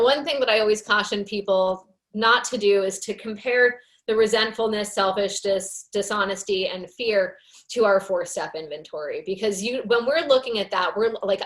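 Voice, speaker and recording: A woman's voice: mid-range voice, a bit bright. A woman leading a recovery workshop, teaching in a casual, earnest way, full of "you know" fillers, and reading aloud from a book. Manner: conversational, many fillers, earnest.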